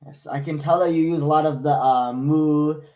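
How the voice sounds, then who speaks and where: A man's voice: a little high, steady tone, moderate pace, a little mellow. A man hosting a casual interview, chiming in with short reactions and questions. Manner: brief reactions and laughing prompts. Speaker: show host.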